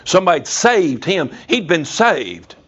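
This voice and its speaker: A man's voice: on the high side, big pitch swings, unhurried, a bit bright, highs cut off. A man preaching to a congregation, telling stories in a folksy way and rising now and then to emphatic bursts. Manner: folksy storytelling with sudden emphatic rises. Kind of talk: sermon. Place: church before a congregation.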